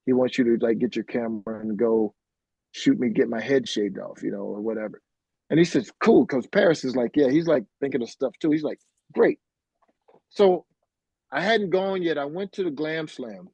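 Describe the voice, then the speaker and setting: A man's voice: mid-range voice, moderate pace, creaky, slightly rough, no echo, highs cut off. A middle-aged man, a keyboardist guest in an interview, casually telling a story and acting out the voices of the people in it. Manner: animated, acts out quoted voices, fillers like "like" and "bro".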